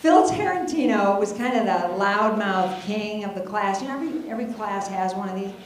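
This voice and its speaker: A woman's voice: medium pitch, animated, brisk, slight background noise. A middle-aged woman telling a comic personal story on stage, chatty and self-deprecating, with many asides. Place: stage before an audience. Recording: very echoey hall.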